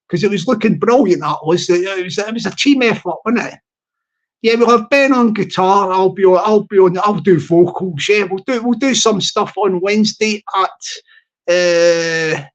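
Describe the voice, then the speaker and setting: A man hosting a casual livestream, rambling and jokey, laughing often and restarting his sentences. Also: extremely high pitch. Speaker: channel host.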